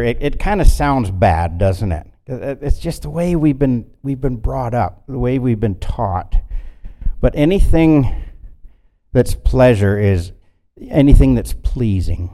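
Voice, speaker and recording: A man preaching a sermon in a folksy way, swinging between loud bursts and quiet asides. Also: on the low side.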